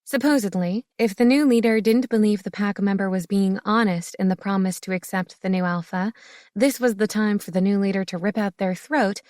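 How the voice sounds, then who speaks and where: A woman reading an audiobook narration in a steady, expressive way. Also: mid-range voice, fairly quick, no echo, clean studio sound. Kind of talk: scripted narration.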